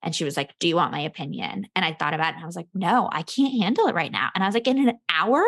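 A woman hosting a coaching podcast in casual conversation, upbeat and quick to laugh. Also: lowish voice, expressive, fairly bright tone.

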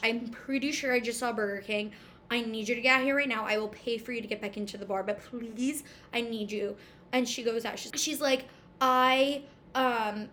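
A woman's voice: a little high, a bit bright, slight background noise. A young woman animatedly telling a story in casual chat, acting out the dialogue. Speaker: storyteller guest.

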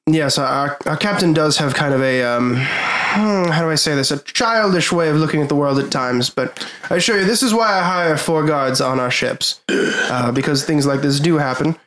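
Cast: a man doing a courteous, measured ship owner smoothing things over. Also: fairly high pitch, fairly bright tone, lightly acted. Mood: apologetic. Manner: formal, measured, hesitant. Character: polite apologetic male ship owner.

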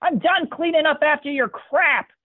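Shrill nagging wife, shrieking from far off, very high-pitched, tinny phone-like sound. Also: male voice, moderate pace. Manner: shrieking, scolding. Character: shrill nagging middle-aged wife upstairs.

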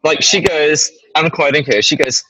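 A man's voice: fairly high pitch, moderate pace, sharp tone, dry recording, low-quality recording. An Australian man chatting as an interview guest, rambling and often tagging his points with "right?". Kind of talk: casual interview chat.

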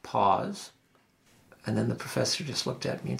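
A man's voice: mid-range voice, big pitch swings, moderate pace, vocal fry, fairly bright tone. An older man with an Ottawa Valley accent, hosting a local talk show and telling stories in a rambling, reflective way with restarts and asides. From Ottawa Valley, Canada. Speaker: host. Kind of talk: reflective conversational storytelling.

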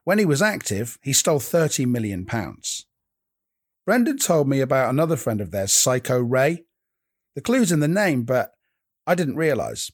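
A male documentary presenter reads his voice-over in a measured, wry way. His pitch sits mid-range. The recording is dry and close, with no room echo. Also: sing-song, slightly rough. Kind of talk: scripted narration.

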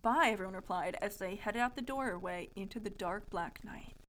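A woman's voice: mid-range voice, normal speed, fairly bright tone, low-quality recording. A young adult woman co-hosting a podcast, reading a childhood story aloud in a playful, amused way. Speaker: podcast co-host.

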